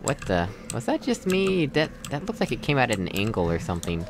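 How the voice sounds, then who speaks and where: Playing a puzzle game, a young man from Texas chats casually, thinking aloud with self-deprecating humor and chuckles. His medium-pitched voice swoops wildly and moves briskly over background noise.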